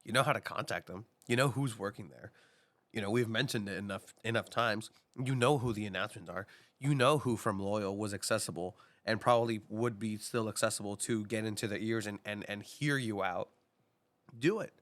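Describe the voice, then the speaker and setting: Podcast co-host, male, bright voice, pushy and animated. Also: fairly low pitch, fairly quick. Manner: animated, urging, repeats himself. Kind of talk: casual podcast chat.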